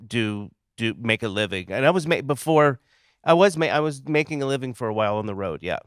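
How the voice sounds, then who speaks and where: Smooth-voiced man talking casually. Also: mid-range voice, expressive, no echo, studio quality. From North Carolina. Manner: halting, with many restarts. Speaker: guest comedian. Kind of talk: casual chat.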